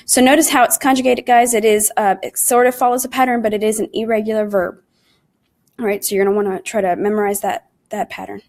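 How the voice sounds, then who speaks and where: A woman's voice: medium pitch, little pitch movement, quick pace, darkish tone. Woman teaching a Spanish lesson. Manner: patient, explains step by step and often calls the class "guys"; says English with Spanish words and conjugations mixed in. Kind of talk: recorded online lesson.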